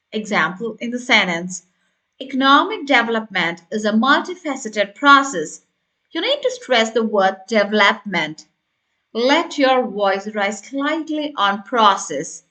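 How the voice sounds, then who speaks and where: A woman teaching speaking tips in a scripted tutorial, upbeat and coaching, modelling example sentences slowly. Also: fairly high pitch, a bit bright. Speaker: test prep teacher.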